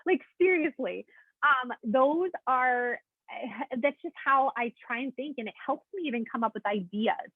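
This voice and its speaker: A woman leads a coaching call in a chatty, encouraging way, checking in with her listeners as she goes. Her voice sits a little high with a husky grain. The sound is dry and thin, like a phone line. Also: moderate pace, dry recording. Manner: chatty, keeps checking in with "okay?"; encouraging, addresses listeners as "guys". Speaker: coach leading a team call. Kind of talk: motivational coaching talk. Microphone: call audio.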